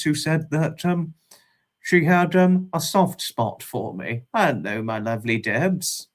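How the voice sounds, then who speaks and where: A man hosting a casual livestream, greeting viewers by name with fond, repeated hellos in a drawn-out way. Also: medium pitch, lively intonation. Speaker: livestream host.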